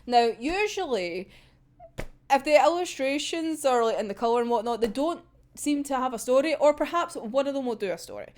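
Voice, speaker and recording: A woman's voice: high voice, expressive, moderate pace. A young woman chatting casually about manga, rambling, swearing freely and giggling often. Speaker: manga reviewer. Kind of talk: casual chat.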